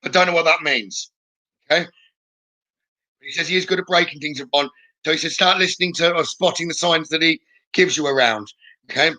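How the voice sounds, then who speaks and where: A man giving chatty live-streamed spirit readings as a psychic medium, often checking in with a quick "okay?". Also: a little high, pushed and bright. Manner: chatty, relays messages with frequent "okay?".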